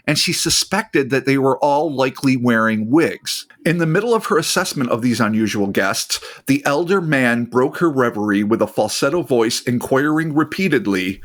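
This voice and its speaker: A podcast host telling a strange tale in casual chat, reading passages aloud and breaking off for jokes and swearing. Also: male voice, medium pitch, expressive, moderate pace, hardly any pauses, a bit bright.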